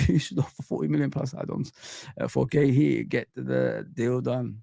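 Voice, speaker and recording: A man's voice: mid-range voice, steady tone, normal speed, vocal fry, warm tone, no room sound. A young man hosting a casual live stream, reading out the chat and giving blunt, slangy football opinions. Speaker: livestream host reading chat.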